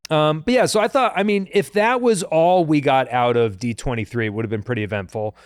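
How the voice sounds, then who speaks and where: A man co-hosts a casual podcast, talking in an animated, joking way. His voice sits a little high. The sound is close and dry. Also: clear, resonant tone, no room sound. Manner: animated, jokey, puts on quick voices, many fillers. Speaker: podcast co-host. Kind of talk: casual chat.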